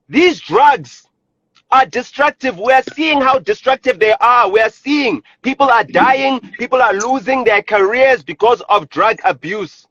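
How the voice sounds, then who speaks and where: A man's voice: very high-pitched, expressive, normal speed, a bit bright, dry recording, highs cut off. A South African man ranting angrily on a live stream, repeating himself and swearing. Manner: angry, repetitive, swearing. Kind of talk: heated rant on a live stream. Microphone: phone.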